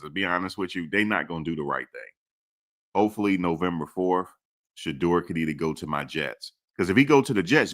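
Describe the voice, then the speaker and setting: A man's voice: low-pitched, sharp tone. A man hosting casual sports commentary, emphatic and repetitive, swearing casually as he makes his points.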